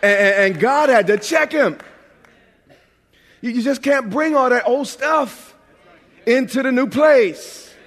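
A man from New York preaching with a high, bright-pitched voice and a lively, joking delivery that stumbles over repeated words. His sermon rings out through a large church sanctuary with a long, lingering reverb. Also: slow pace, long pauses. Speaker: pastor.

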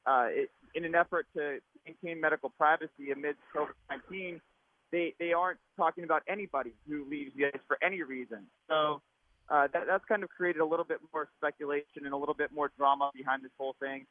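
A man's voice: a little high, quick pace, no room sound. Muffled male reporter on a phone line. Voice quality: muffled, talking through a mask. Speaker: sports reporter calling in. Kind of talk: casual chat. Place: at a practice rink.

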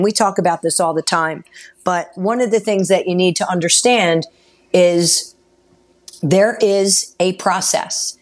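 A brisk, businesslike woman giving mortgage advice on talk radio. Her voice sits a little low and sounds close on a studio microphone. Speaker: mortgage broker and radio co-host.

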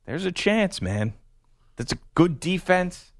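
A man's voice: sits high, big pitch swings, slow pace, heavy background noise. A man hosting sports talk radio, joking and laughing through casual banter with co-hosts.

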